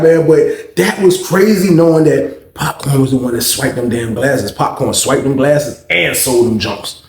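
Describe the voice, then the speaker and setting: Gravelly man telling a prison story. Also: mid-range voice, measured pace, hardly any pauses, darkish tone, reverberant. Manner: loose, profane street talk. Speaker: storytelling host.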